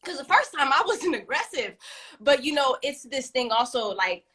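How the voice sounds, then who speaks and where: A woman's voice: high voice, big pitch swings, normal speed, bright, forceful tone. A woman in her thirties from Brooklyn with a New York accent, co-hosting a casual talk show and acting out scenes with swearing and laughter. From East New York, Brooklyn. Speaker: podcast co-host. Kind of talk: casual chat.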